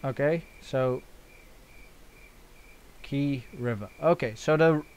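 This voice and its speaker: A man's voice: medium pitch, slow pace, a little hiss or hum. A young man hosting a let's play, joking around, swearing and using lots of fillers. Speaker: gaming channel host.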